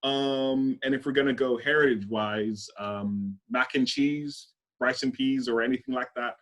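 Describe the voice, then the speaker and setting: A young man, chatting on a podcast in a relaxed, rambling way and laughing often. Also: medium pitch, normal speed. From London. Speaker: podcast host. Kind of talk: casual chat.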